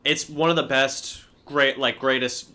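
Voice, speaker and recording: A man co-hosting a casual livestream, telling a story in an animated way and swearing freely. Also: medium pitch, a little slow, a little hiss or hum. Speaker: co-host.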